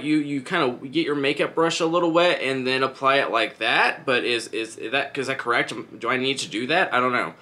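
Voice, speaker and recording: A man's voice: mid-range voice, bright, forceful tone. A man casually chatting through a true crime story while doing his makeup, rambling with lots of "like" and "um". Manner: rambling, heavy use of "like" and "um".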